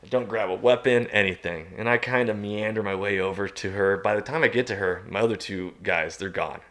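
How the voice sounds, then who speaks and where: Male podcast guest, low-pitched, casual animated storyteller who pokes fun at himself. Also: fairly quick. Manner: animated, self-mocking, chuckles at his own story.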